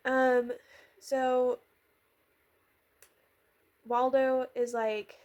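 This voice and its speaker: A woman's voice: on the high side, little pitch movement, slow, long pauses, a little mellow. A woman giving a casual, rambling recap, chatty and sarcastic, with lots of fillers, quoting characters in her own voice. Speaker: vlogger recapping a miniseries.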